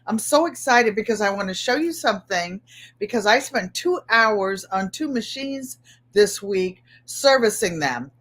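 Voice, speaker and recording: A middle-aged woman from Connecticut hosts a casual livestream, greeting viewers by name, chatting about her week and often repeating herself. Her mid-range voice is expressive and fairly bright, and she takes her time.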